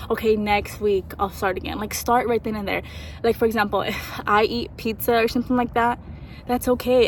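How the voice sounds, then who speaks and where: A woman's voice: a little high, slight background noise, poor audio. A young woman vlogging on a walk in a park after a run, out of breath, chatting to her viewers in a rambling way. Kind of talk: casual vlog chat to camera.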